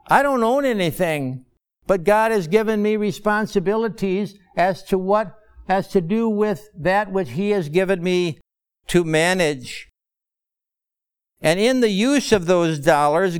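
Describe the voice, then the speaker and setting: Slow, smooth-voiced male preacher. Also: high-pitched. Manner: slow, measured preaching with repeated phrases. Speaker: pastor. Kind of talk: sermon.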